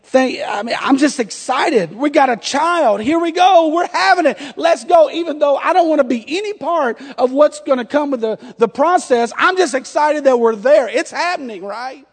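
A man in his thirties, a pastor preaching, telling a lively story and acting out the dialogue. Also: very high-pitched, normal speed, hardly any pauses. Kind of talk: storytelling sermon. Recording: long hall reverb.

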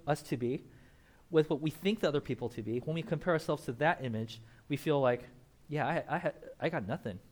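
A young pastor preaches a casual sermon, animated and laughing often as he acts out Bible characters. His voice is on the high side.

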